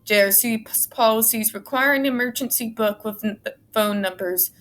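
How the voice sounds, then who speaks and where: A woman's voice: mid-range voice, fairly bright tone, a little hiss or hum. A woman vlogger reading from a court report, breaking off for blunt, sarcastic, exasperated asides and frequent swearing. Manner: sarcastic asides between read passages. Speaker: advocacy vlogger.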